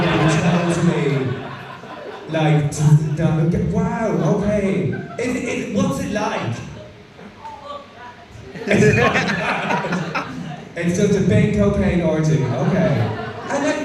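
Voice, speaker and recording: Cheeky Irish comic working the crowd. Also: male voice, high-pitched. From Ireland. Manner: cheeky, profane, teasing the audience. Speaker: stand-up comedian. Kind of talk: stand-up crowd work. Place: comedy club stage. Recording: echoey club from far off. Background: laughing crowd.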